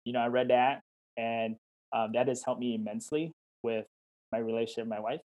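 Brief Male life coach, mid-pitched, friendly and encouraging, chatty, heard over a video call. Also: steady tone, a little fast. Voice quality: warm, encouraging, talks in questions and quoted dialogue. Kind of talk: interview answers, casual chat.

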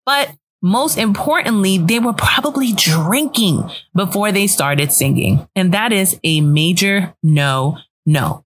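A woman's voice: on the low side, animated, normal speed, hardly any pauses, fairly bright tone. A young woman hosting a casual solo podcast, chatty and opinionated, swearing freely as she gives her frank take. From US East Coast. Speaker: podcast host.

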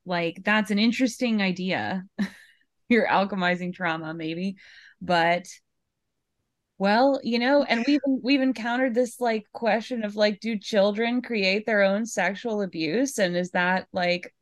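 A woman co-hosting a podcast, talking through her reaction in loose, questioning chat full of "like" and "you know." Her voice sits at an ordinary middle pitch. The sound is close and dry, with no room to it. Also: a little slow, no echo. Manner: thinking aloud, questioning, many fillers. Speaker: podcast co-host.

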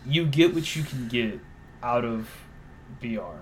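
A man's voice: mid-range voice, animated, unhurried, slight background noise. Joking young man, casual podcast. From Louisiana. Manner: loose, joking, swears freely. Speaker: podcast co-host.

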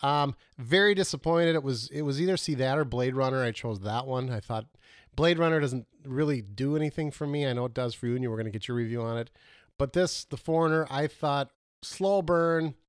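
A man's voice: mid-range voice, brisk, smooth, no echo, clean studio sound. A man co-hosting a casual movie review chat, rambling and losing his words mid-sentence.

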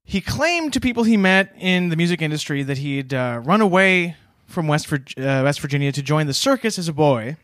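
A man's voice: a little high, expressive, a little fast, hardly any pauses, fairly bright tone, no room sound, clean studio sound. A man co-hosting a podcast, telling a story from his notes in a chatty, laughing way. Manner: chatty, laughs between points, loose with fillers. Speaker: podcast co-host presenting research. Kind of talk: casual storytelling podcast chat.

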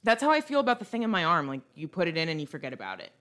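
A young woman co-hosts a podcast in a fairly low, slightly bright voice, speaking rapid-fire and very animated. She chats casually and rants bluntly about celebrity gossip.

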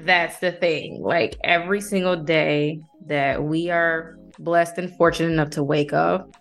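Animated woman hosting a faith podcast. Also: low voice, a little slow, faint music behind. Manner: animated, laughs often, lively storytelling. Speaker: podcast host. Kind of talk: faith-based conversation.

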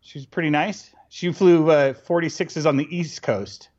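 A middle-aged man chats as an interview guest and tells his stories with energy. He acts out the people in them and laughs along the way. His voice sits a bit high for a man, and the recording sounds dull and lo-fi. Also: unhurried. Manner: animated, acts out dialogue with laughs. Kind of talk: casual storytelling.

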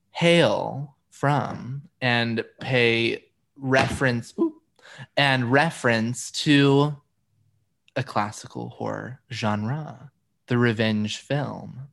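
A man hosting a podcast, chatting in a relaxed, rambling way and laughing often. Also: medium pitch, creaky. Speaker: podcast host. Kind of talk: casual chat.

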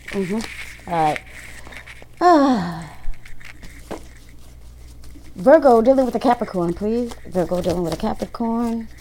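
A woman reads tarot cards at an unhurried, slow pace. She talks bluntly and casually to her viewers and swears freely. A faint hiss sits under her voice. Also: medium pitch, animated, warm tone, low-quality recording. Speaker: tarot reader. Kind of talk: casual tarot reading to camera.

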